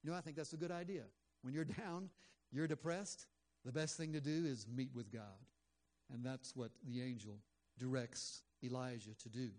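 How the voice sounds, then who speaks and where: A man's voice: medium pitch, fairly even intonation, normal speed, darkish tone. Male pastor, mid-range voice, earnest conversational sermon delivery. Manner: conversational, earnest, with frequent fillers.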